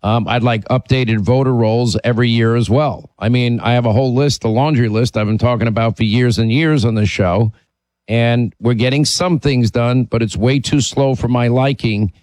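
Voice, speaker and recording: A man's voice: medium pitch, fairly even intonation, moderate pace, a little mellow, no echo. A man hosting a call-in talk radio show, talking emphatically and opinionatedly, sometimes restarting his sentences.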